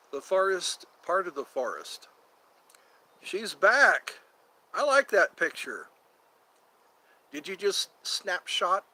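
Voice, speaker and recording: A man hosting a casual outdoor live stream, rambling to his viewers and to a cat nearby. His voice sits a little high and sounds bright and forward. He talks slowly and drifts into sung lines from old tunes. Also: poor audio. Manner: rambling, sings snatches of songs, chats to viewers and a cat. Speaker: livestream host. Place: outdoors near a yard or forest edge.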